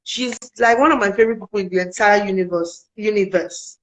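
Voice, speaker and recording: A woman's voice: mid-range voice, a little fast, a little hiss or hum, poor audio. A young woman from Africa, earnestly telling a personal story in a casual interview and acting out the conversations in it. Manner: earnest, animated, quotes people in dialogue. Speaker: guest.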